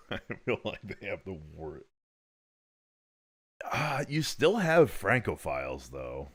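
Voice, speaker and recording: A man's voice: deep voice, huge pitch swings, takes it slowly, long pauses, a bit bright, husky. A man hosting a livestream, talking in a rambling, casual way, swearing often and laughing between remarks. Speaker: livestream host. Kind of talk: casual commentary while reacting to clips.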